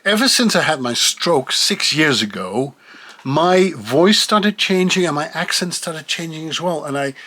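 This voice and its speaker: A middle-aged man from the Netherlands speaks a neutral English with a faint European twang, musing aloud in a casual vlog. His voice sits a little on the high side, and he talks in a chatty, self-reflective way. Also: sharp tone. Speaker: voice actor.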